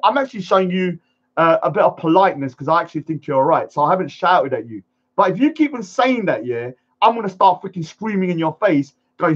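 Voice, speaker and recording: A man's voice: high-pitched, sing-song, normal speed, slightly rough, muffled recording. A man ranting defiantly to camera, acting out pleading voices as he goes. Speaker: vlogger.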